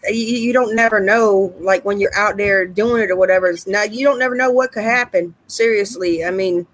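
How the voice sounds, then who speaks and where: A woman's voice: mid-range voice, brisk, no echo. A woman chatting on a video call as the guest cryptid hunter, emphatic and repeating herself for stress. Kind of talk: casual video call chat.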